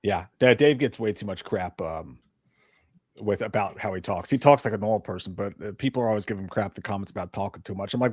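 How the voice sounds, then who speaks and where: A man's voice: lowish voice, quick pace, darkish tone, breathy edge, dry recording, clean studio sound. A man co-hosting a live movie show, joking and laughing in casual chat.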